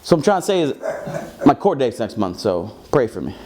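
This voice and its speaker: A man performing a stand-up comedy set, telling an animated story with big swings in his voice. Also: medium pitch, a little fast, very noisy.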